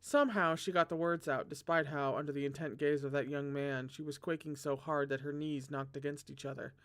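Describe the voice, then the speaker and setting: A host reading a novel aloud, breaking off into chatty, excitable commentary with self-deprecating humor. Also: a little fast. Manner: dramatic, excitable asides with big pitch jumps. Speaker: read-along host.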